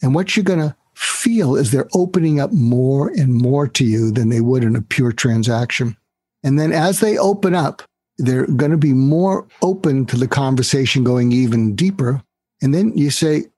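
A man talking as a guest expert on selling and negotiating, animated and acting out bits of dialogue as he explains. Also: moderate pace, breathy edge, dry recording. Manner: animated, acts out dialogue with raised pitch for quoted lines. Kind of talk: explanatory interview talk.

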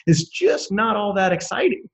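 A man co-hosting a podcast, talking casually in a rambling, animated way and laughing often. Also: high-pitched, moderate pace, a crowd in the background, low-quality recording. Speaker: podcast co-host.

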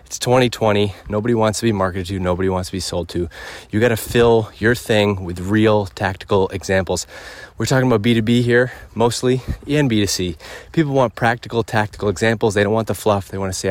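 A man's voice: fairly low pitch, fairly quick, hardly any pauses, dry recording. A man hosting a podcast, giving an emphatic casual rant while out on a walk, a little out of breath. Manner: emphatic, punchy checklist delivery. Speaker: podcast host. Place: outdoors on a walk.

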